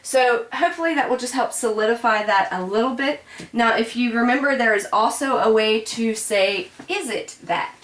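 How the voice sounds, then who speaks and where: A woman explains grammar in a relaxed classroom manner, saying y'all and pausing often on fillers. She is heard from some distance in an echoey room. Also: fairly high pitch. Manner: casual and chatty, says y'all, many ums and self-corrections. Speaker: French teacher. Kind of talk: classroom grammar lesson at a board.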